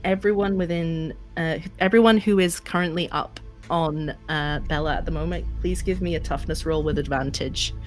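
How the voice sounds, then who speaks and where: A woman running a tabletop role-playing game as game master, talking hesitantly with many pauses and fillers. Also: low-pitched, fairly even intonation, soft background music.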